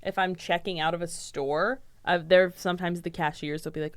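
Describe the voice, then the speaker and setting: A young woman with an American accent chats in a relaxed, candid way, dropping the odd swear. Her voice sits a little low. The recording is close and dry, with no room sound. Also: normal speed, no echo. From Scotland. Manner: chatty, candid, swears casually. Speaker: podcast guest. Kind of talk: casual chat.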